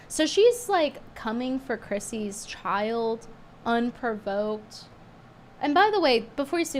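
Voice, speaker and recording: During casual commentary, a woman streamer is sarcastic and animated, flaring up with indignation until she's slightly hoarse. Her voice is a little high and animated, at a measured pace, with a little hiss or hum in the background.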